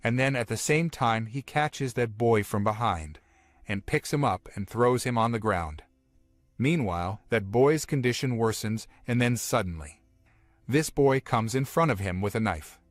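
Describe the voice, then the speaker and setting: A man's voice: mid-range voice, expressive, a little slow, no room sound, faint music behind. A man steadily retelling a comic story as a scripted recap narrator, in plain, simple phrasing.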